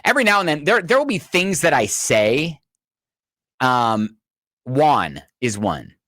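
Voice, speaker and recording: A man's voice: fairly high pitch, sing-song, normal speed, sharp tone, no room sound, studio quality. A man co-hosting a radio talk show, chatting casually, laughing easily and reading out listener messages.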